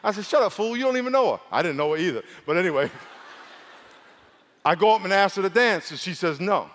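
A pastor from New York preaching a humorous sermon, acting out dialogue between stories. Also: male voice, animated, brisk, fairly bright tone. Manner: storytelling, acts out dialogue with big pitch swings and laughs. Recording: long hall reverb.

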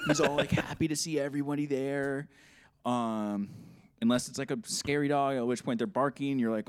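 A man's voice: medium pitch, brisk, dry recording. Rambling, swearing man in casual chat. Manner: rambling, swears freely, acts out quoted voices. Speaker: podcast co-host.

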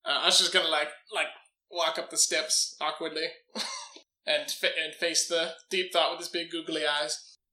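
A man's voice: fairly high pitch, level tone, unhurried, bright, forceful tone. A man playing a tabletop game, making jokey asides. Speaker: player. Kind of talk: casual game play.

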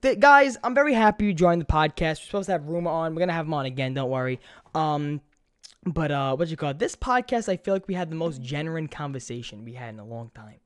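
A young man hosting a podcast, telling stories in an animated, foul-mouthed way. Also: on the high side, fast talker, smooth, dry recording, clean studio sound. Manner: animated storytelling, swears a lot. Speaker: podcast host. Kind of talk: casual podcast chat.

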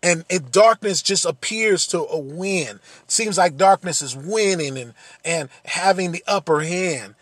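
A man delivers an earnest sermon in a fairly high, husky voice. He repeats his phrases and builds to emphatic peaks. The sound is dry and close. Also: a little slow, hardly any pauses, a bit bright, no echo. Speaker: preacher.

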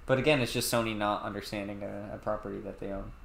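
A man's voice: fairly low pitch, fast, vocal fry, slight background noise. Man retelling film scenes in an echoey room. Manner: animated storyteller, retells scenes. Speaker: podcast co-host. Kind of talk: casual film discussion.

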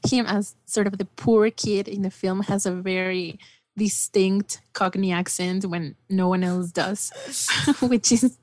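A woman's voice: medium pitch, fairly even intonation, slow pace, a little mellow, dry recording. A woman guest chatting casually about a film, enthusiastic and rambling with many fillers. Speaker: podcast guest.

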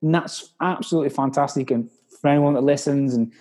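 Blunt man, mellow voice. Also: medium pitch, fast talker. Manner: blunt, sweary, acts out other people's lines. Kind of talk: casual chat.

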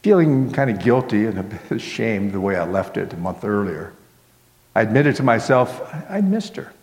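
A man's voice: lowish voice, very animated, normal speed, a little mellow. A male pastor telling a story in a sermon, in a folksy way that fills it with "well" and "kinda". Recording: long hall reverb.

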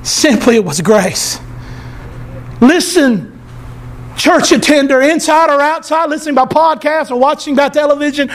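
A male pastor preaching an impassioned church sermon, shifting from storytelling into shouted proclamation in a colloquial manner. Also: very high voice, measured pace, a little hiss or hum. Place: church service.

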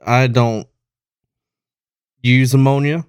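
Male co-host, smooth voice, chatty storyteller, dry room. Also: mid-range voice, fairly even intonation, slow pace, no echo. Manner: chatty, tells stories with blunt humor. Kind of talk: casual interview chat.

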